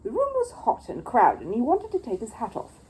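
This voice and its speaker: Woman storyteller, children's book reading, expressive and lively, mellow tone. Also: a little high, a little fast, rough recording.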